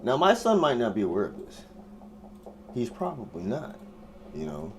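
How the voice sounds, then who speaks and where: A man hosting his own show, telling a rambling, profane story in a casual monologue, swinging from mumbles to shouts. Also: medium pitch, wildly swooping pitch, normal speed. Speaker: host. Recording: noisy room ambience.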